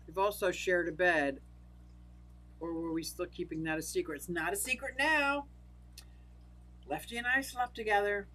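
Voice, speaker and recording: A woman's voice: lowish voice, measured pace, long pauses, sharp tone, poor audio. An older woman hosting a livestream, chatting casually, laughing often and answering viewers by name. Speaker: livestream host. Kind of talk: casual livestream chat reading comments.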